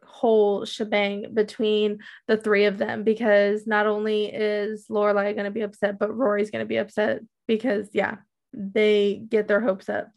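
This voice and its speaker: A woman's voice: medium pitch, monotone, normal speed, creaky, a little mellow. A woman co-hosting a podcast, recapping a TV show in casual chat, rambling with many "um"s and "like"s. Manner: rambling, many fillers and likes. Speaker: podcast co-host.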